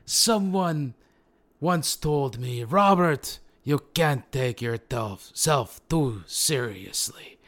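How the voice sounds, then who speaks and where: A man's voice: medium pitch, lively intonation, very slow, fairly bright tone, exaggerated voice. A man impersonating a male movie star who presents awards in a pompous, over-formal way.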